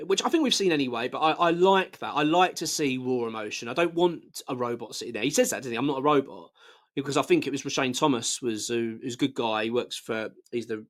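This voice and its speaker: A married adult man with a medium-pitched voice hosts a football fan channel, offering blunt, passionate and casual commentary that's full of restarts.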